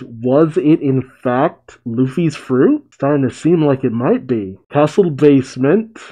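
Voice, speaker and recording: A young man with a mellow, middle-pitched voice reads through a comic chapter and reacts in a loose, chatty way. He laughs often and drops into light character voices as he goes. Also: poor audio. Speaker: manga reaction host.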